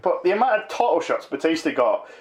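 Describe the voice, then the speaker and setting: A man's voice: fairly high pitch, very animated, a little fast. A man, chatting casually about wrestling as a podcast co-host, rambling and emphatic. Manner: rambling, emphatic, full of fillers. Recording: roomy echo.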